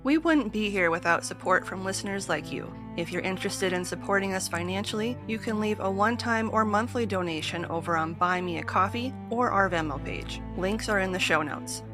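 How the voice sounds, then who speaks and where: A woman's voice: medium pitch, fairly quick, few pauses, music in the background. A woman hosting a podcast, steadily reading from a script and long lists of sources. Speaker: podcast host.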